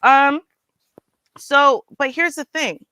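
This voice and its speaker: A woman's voice: sits high, slow pace, no echo. Sarcastic woman hosting a chatty commentary. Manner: animated, sarcastic, laughing, addresses viewers as y'all. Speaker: host. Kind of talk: casual commentary. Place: Ontario.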